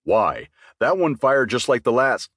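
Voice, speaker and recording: A man voicing a massive, jumpy male troll bartender in an audiobook, talking slow and grumbling. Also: medium pitch, very animated, a bit bright, no room sound, studio quality. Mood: gruff.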